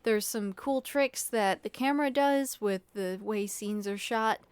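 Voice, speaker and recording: A woman reviews a film in a calm, thoughtful way. Her voice is smooth and clear. It is recorded close to the mic with a dry sound. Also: mid-range voice, a little slow, no room sound. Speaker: podcast guest.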